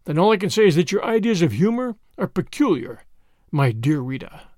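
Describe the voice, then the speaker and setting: A man voicing an excitable, menacing male conspirator who snarls and frets. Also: high-pitched, brisk, no room sound, studio quality. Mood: agitated. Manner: agitated, snarling, suspicious.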